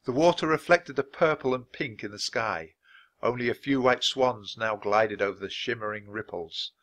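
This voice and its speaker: A man reading a children's book aloud, clear, steady and expressive. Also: medium pitch, normal speed. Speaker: story reader.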